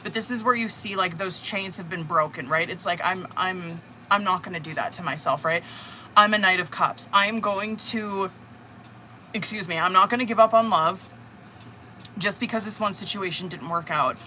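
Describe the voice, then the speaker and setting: This woman's voice sits on the low side at a moderate pace, with slight background noise as she does a live tarot reading. Casual and animated, she curses freely and dramatizes what the querent is thinking and feeling.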